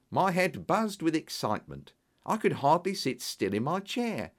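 A man's voice: fairly high pitch, big pitch swings, normal speed. A man reading a story aloud as an audiobook narrator, telling it expressively. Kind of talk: scripted narration.

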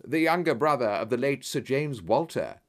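A man voicing a calm male detective who speaks in a measured, firm way. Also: mid-range voice, natural voice. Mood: explaining.

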